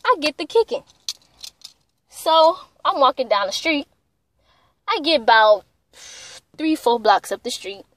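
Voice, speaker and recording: Young woman, high-pitched, animated profane storyteller, acts out quotes. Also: unhurried, long pauses, no room sound. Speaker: vlogger. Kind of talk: casual personal storytelling.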